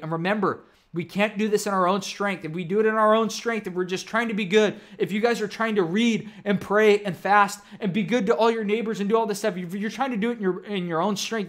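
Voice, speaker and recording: A man preaching and praying as a pastor in a fervent sermon, often calling his viewers "you guys.". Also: high voice. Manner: ends in a prayer. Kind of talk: online sermon. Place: home room.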